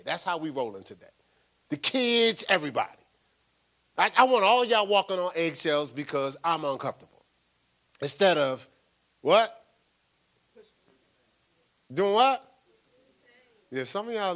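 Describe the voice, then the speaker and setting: Older man, a pastor with a sermon voice that swings widely and rings bright, playful and animated. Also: fairly high pitch, moderate pace, pauses often. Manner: lively, playful preaching with laughter and acted-out asides.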